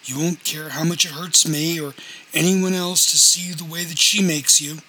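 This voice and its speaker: A man's voice: fairly high pitch, steady tone, moderate pace, pushed and bright, a little hiss or hum, pitched above the performer's own voice, low-quality recording. A man reading aloud voices a nagging older mother who scolds and guilt-trips her grown son. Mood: reproachful. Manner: scolding, reproachful.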